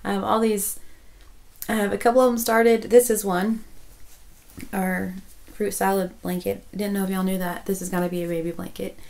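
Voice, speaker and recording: A woman's voice: mid-range voice, level tone, moderate pace, gravelly, darkish tone, poor audio. A woman, chatting casually as a crochet vlogger, rambling with many restarts and turning emotional. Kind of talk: casual chat.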